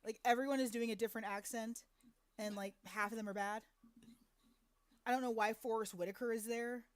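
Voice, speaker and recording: A woman co-hosting a casual podcast chat, blunt and opinionated and quick to laugh. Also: fairly high pitch, fairly even intonation, clean tone, dry recording. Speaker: podcast co-host.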